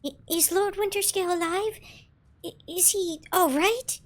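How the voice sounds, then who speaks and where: A woman voicing an eager young female shuttle pilot in a game reading, pitched high and loud. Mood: anxious. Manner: anxious then brisk and cheerful.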